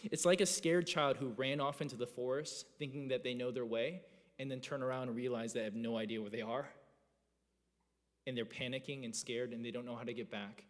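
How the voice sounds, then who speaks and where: A man in his thirties preaching a sermon as a pastor, earnest and animated, often restarting his phrases. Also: medium pitch, fairly quick. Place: church sanctuary. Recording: long reverb of a church hall.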